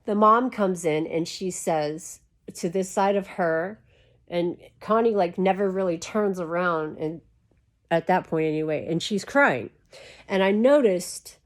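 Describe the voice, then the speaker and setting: A woman's voice: medium pitch, unhurried. A woman chatting to camera in a rambling, casual way full of "like" fillers, talking while lying down. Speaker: YouTube creator.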